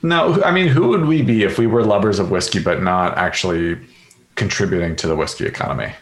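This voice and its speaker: A man with a lowish voice chats easygoingly on his podcast, dropping fillers and jokes as he goes. The sound has a noticeable room echo around it. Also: brisk. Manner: easygoing, jokey, many fillers. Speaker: podcast co-host. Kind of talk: casual podcast chat. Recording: roomy echo.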